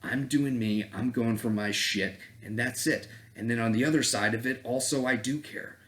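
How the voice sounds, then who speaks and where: A man's voice: medium pitch, normal speed, a bit bright. A man vlogging as a dating coach in a casual, profane rant, blunt and breaking into laughing asides.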